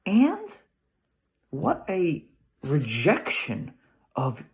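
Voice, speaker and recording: A middle-aged American rabbi gives a casual weekly Torah lesson, thinking aloud with restarts and rhetorical questions. His voice is a little high, with wildly swooping pitch and drawn-out words.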